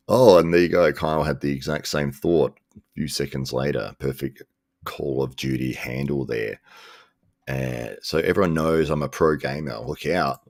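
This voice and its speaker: A man hosting a casual live stream, chatting in a relaxed, rambling way and chuckling often. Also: a bass voice, measured pace, creaky, pauses often, no room sound, clean studio sound. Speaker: live show host reading chat.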